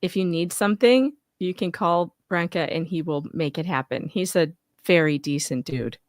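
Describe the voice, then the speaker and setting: A woman guesting on a livestream, telling stories in an animated way, acting out quotes and laughing often. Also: lowish voice, moderate pace, dry recording, clean studio sound. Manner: animated storyteller, acts out quotes, laughs a lot. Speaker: guest co-host. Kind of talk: casual livestream chat.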